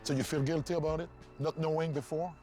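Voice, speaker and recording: A man hosting a documentary, interviewing in English and narrating, measured, pausing on fillers. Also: a little high, steady tone, dark tone, faint music behind. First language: French. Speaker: host. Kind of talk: documentary host, interview and voice-over.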